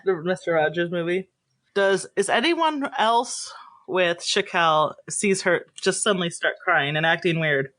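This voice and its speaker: A woman runs a tabletop role-play as game master, describing scenes in a measured way. Her pitch moves around a lot. She is recorded close and dry. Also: animated, a bit bright, dry recording.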